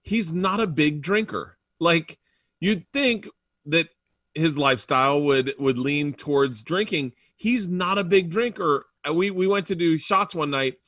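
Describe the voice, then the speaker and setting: A male comedian guest telling stories in an interview, animated and acting out quoted lines. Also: a little high, unhurried, dry recording, studio quality. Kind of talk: storytelling in an interview.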